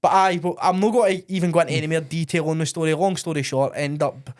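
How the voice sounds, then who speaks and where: A man's voice: fairly high pitch, steady tone, fast talker. A young Scottish man co-hosting a podcast, telling embarrassing stories in a sweary, laughing way and saying "mate" a lot. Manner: sweary, laughing storyteller who says "mate" often. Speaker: podcast co-host. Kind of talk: casual storytelling chat.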